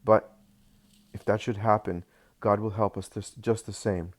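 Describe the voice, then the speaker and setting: A devoted husband speaks with firm, calm reassurance, as a man reads his part. The voice is very low and earnest, as in a slow storybook reading. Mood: reassuring.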